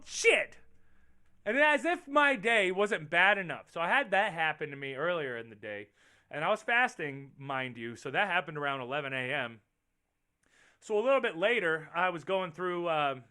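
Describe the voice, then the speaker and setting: Lively bright-voiced rambling male host. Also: fairly high pitch, clean tone, no echo, clean studio sound. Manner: rambling, animated, profane, reacting to chat. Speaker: show host. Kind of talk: casual livestream chat with viewers.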